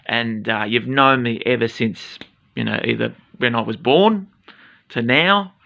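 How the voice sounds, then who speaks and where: A rambling Australian man in his forties speaks to camera with a gravelly, tense edge. He swears freely and drifts through fillers and restarts. The recording sounds dull and lo-fi. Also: mid-range voice, a little slow, sharp tone. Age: 40s. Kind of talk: casual address to camera.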